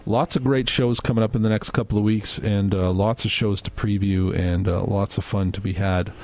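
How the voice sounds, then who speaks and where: A man's voice: lowish voice, steady tone, moderate pace, a little mellow. A man hosting a radio show, chatting casually and rambling through upcoming show plugs in an easygoing way. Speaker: radio host. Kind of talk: casual on-air chat.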